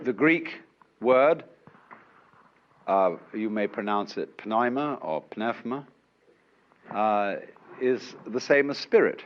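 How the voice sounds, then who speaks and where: A man giving a public lecture in an unhurried, wry way, with chuckles, on an old lo-fi recording from a lecture hall. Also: lowish voice, animated. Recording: dull lo-fi archive lecture recording.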